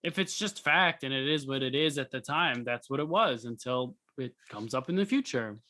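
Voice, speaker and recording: A young man with a bright, forceful voice, co-hosting a casual podcast. He rambles through stories, circling back and restarting his sentences as he goes. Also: medium pitch, expressive, normal speed. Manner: rambling storyteller, restarts often. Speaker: podcast co-host. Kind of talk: casual chat.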